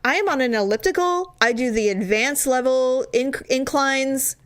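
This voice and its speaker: A woman's voice: high voice, normal speed. A middle-aged woman co-hosting a podcast, telling a story animatedly with quoted asides and laughter. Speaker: podcast co-host. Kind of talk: casual chat.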